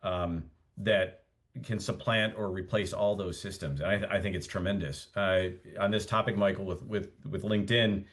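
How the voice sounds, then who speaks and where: A middle-aged man talks eagerly on a video call and lays out strong opinions. His voice sits low and deep. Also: fairly even intonation, normal speed. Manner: enthusiastic, opinionated. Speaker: roundtable participant, marketer. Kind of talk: casual video call discussion.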